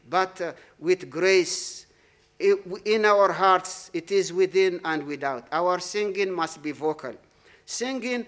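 A man preaching a sermon in a church, emphatic, repeating his phrases and trailing off softly at the ends of lines. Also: high voice.

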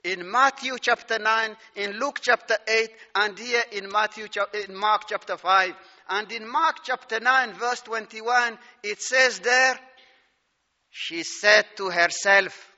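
A man preaching a sermon, slow and emphatic, citing scripture and chuckling between points. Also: sits high, bright, forceful tone. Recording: dull sound with long hall reverb.

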